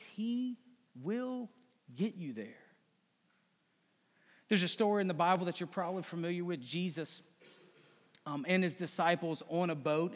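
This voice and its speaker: A man's voice: high voice, in a large hall. A man preaching a sermon as pastor, earnest and emphatic, repeating his key phrases.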